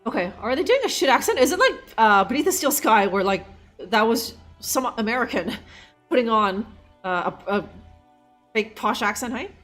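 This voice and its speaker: A woman's voice: on the high side, expressive, moderate pace, a bit bright, faint music behind. A woman streamer giving casual live commentary as she plays, rambling and swearing freely. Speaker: game streamer.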